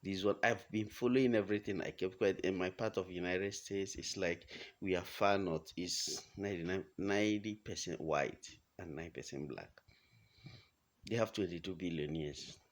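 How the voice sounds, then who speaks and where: A deep-voiced Nigerian man with a Nigerian accent, at home in the United States, delivers a heated, blunt, impassioned monologue at normal speed, packed with rhetorical questions.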